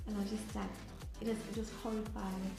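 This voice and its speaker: A woman's voice: mid-range voice, level tone, fast talker, creaky. A woman, dramatically retelling a story in casual chat, with restarts and bursts of laughter. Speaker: co-host of a couple's channel. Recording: very echoey room with faint music.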